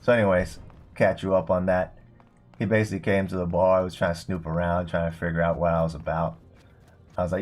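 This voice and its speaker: A man's voice: sits low, level tone, fairly quick, faint music behind. A young man streaming a game, telling a long rambling story full of swearing and filler words. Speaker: streamer and bartender. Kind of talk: casual storytelling while livestreaming a game.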